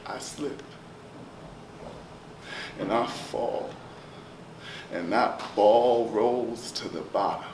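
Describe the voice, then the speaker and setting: A man's voice: lowish voice, drawn-out words, long pauses. Man performing rhythmic spoken word poetry. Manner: rhythmic, chanting delivery swinging from loud calls to near whispers. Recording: roomy echo, distant mic, steady ambient noise.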